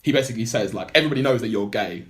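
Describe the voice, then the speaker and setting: A young man talks through a film plot in a casual podcast chat. His voice sits a little low, and his telling wanders, with fillers and restarts piling up. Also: very fast, a bit bright. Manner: rambling storyteller, heavy filler words. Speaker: podcast co-host.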